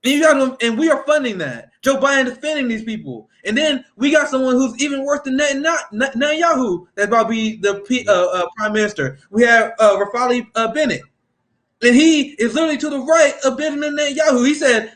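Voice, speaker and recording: High-voiced man in a profane political rant. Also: fairly quick, a bit bright. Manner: heated, profane, laughs often. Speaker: political commentary host.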